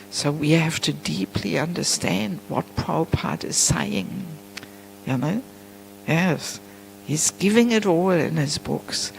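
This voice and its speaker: Gravelly woman giving a scripture class. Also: on the low side, a little hiss or hum, poor audio. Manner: chatty, frequent "you know", laughs often. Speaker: temple class speaker. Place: temple hall.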